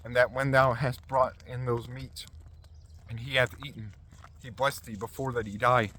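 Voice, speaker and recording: A man's voice: mid-range voice, flat delivery, normal speed, pushed and bright. A man reading as a scheming mother. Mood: urging. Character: scheming mother, middle-aged woman. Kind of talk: scripture reading.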